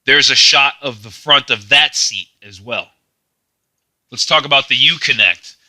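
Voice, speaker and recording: A man's voice: medium pitch, measured pace, pushed and bright, no room sound, rough recording. A man casually walking through a car's feature page, reading text aloud and adding loose asides, with some stumbles and repeated words. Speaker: car review narrator. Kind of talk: casual screen-share walkthrough.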